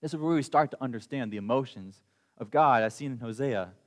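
A man's voice: mid-range voice, fairly quick. A young man, a student preacher, giving a sermon in a conversational, earnest way and reading scripture aloud. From United States. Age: young adult. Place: church sanctuary. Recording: long hall reverb.

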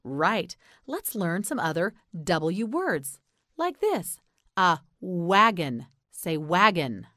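Brief: American woman, pronunciation teacher, very slow and deliberate, dry close sound. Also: on the low side, very animated, bright, forceful tone, no echo. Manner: slow, carefully enunciated, patient prompting. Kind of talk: slow repeat-after-me pronunciation drill.

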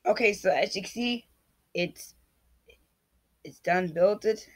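A man's voice: high-pitched, slow. A man casually vlogging an unboxing, rambling and restarting his sentences as he talks to himself, his voice cracking now and then. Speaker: YouTuber.

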